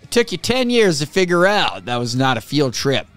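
A man's voice: a little high, big pitch swings, normal speed, fairly bright tone, clear, resonant tone, soft background music. A man hosting a reaction video, chatting casually and chuckling at clips. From northern United States. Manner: chuckles often, chatty and amused.

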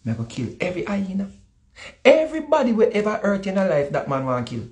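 Animated Jamaican man telling stories. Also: high voice, fast talker. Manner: animated, repetitive, acts out quotes. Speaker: guest speaker. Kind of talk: casual storytelling chat.

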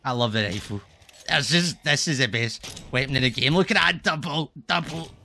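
Streamer, sweary, loose and rambling, average pitch. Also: male voice, normal speed, gravelly, sharp tone, a little hiss or hum. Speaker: game streamer. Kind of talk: casual gaming commentary.

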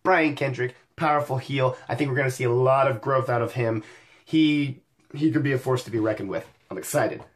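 A young man hosting a wrestling show recap, talking energetically with wisecracks and sudden excited outbursts. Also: mid-range voice, a little fast. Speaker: wrestling podcast host.

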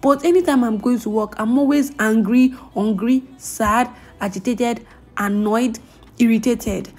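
A woman's voice: on the high side, a little slow, a little mellow. A young woman with a Nigerian accent, chatting casually to camera in a vlog and slipping in Pidgin phrases. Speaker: vlogger.

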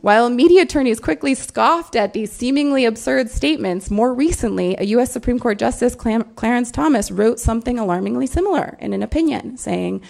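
A woman lawyer giving a prepared symposium talk, measured and emphatic. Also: fairly high pitch, gravelly, darkish tone. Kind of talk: prepared speech.

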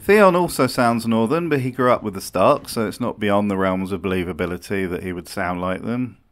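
A man hosts a comedic video essay, delivering dry, sardonic commentary. His voice is fairly low, and he tosses off wry asides. Faint music plays in the background. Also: fairly quick.

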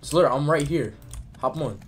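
A man co-playing on a live game stream, talking hyped and casual and repeating words in rapid bursts. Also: on the high side, a little hiss or hum. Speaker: co-player on the stream. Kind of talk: casual chat while gaming.

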